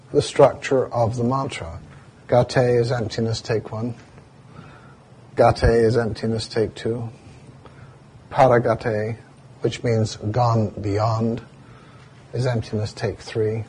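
A man giving a dharma talk as a meditation teacher, telling stories and slowly spelling out Sanskrit chant words. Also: mid-range voice, mellow, a little hiss or hum.

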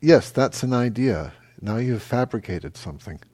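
A middle-aged man teaching a meditation class, answering questions in a relaxed, halting way with many fillers. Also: mid-range voice, slightly rough. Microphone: microphone.

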